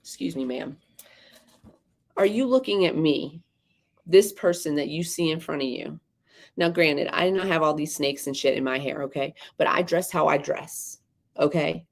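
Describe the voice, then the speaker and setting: A woman's voice: sits low, normal speed, creaky. A woman co-hosting a casual podcast livestream, telling an exasperated, profane story with lots of repetition. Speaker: podcast co-host.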